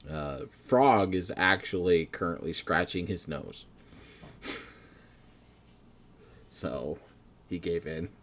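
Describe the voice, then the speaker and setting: A man narrating a tabletop game as game master, in a relaxed, chuckling way. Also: sits low, slow, long pauses.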